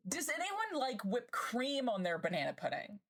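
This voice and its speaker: A woman streamer chatting casually with her live chat, bubbly and gushing and quick to laugh. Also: a little high, wildly swooping pitch.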